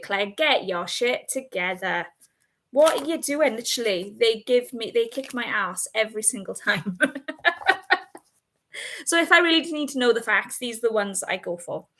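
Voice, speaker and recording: A woman's voice: on the high side, fairly bright tone. Chatty, laughing woman hosting a live stream. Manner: chatty and emphatic, laughs often. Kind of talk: casual live-stream chat.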